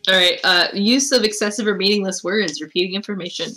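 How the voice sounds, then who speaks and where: A woman's voice: medium pitch, fast, bright, forceful tone, slight background noise, low-quality recording. A woman co-hosting a casual stream chat, teasing and laughing often.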